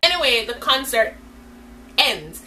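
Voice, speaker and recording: A woman's voice: on the high side, unhurried, far from the mic, noisy background. A young woman telling a story in a chatty vlog, acting out the lines of the people in it. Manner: animated, chatty storytelling with voiced-out quotes. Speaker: vlogger.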